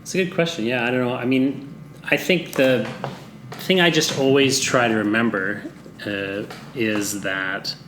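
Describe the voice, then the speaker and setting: A man's voice: medium pitch, unhurried, a bit bright, slight background noise. Hesitant, rambling middle-aged man. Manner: rambling, hesitant, laughs often. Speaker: podcast host. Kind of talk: casual chat.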